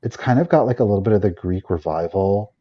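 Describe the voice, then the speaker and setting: A man's voice: fairly low pitch, fast, highs cut off. A man hosting a live vintage sale, chatting enthusiastically as he shows items and runs the bidding. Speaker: live auction seller.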